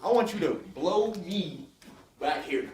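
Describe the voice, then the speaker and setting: A man's voice: sits high, measured pace. Male motivational speaker, fired-up call-and-response delivery, caught from afar in an echoey school hall. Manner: energetic call-and-response, hyping up the crowd. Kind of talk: motivational school assembly speech. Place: large school hall with a student audience. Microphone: recorded from a distance. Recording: echoey hall, distant mic, faint noise.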